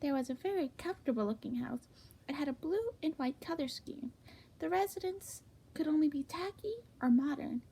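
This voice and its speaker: Hushed, gravelly woman reading comedic fanfic. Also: expressive, normal speed. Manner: hushed, half-whispered delivery with sudden giggles and jumps in pitch. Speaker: fanfic reader.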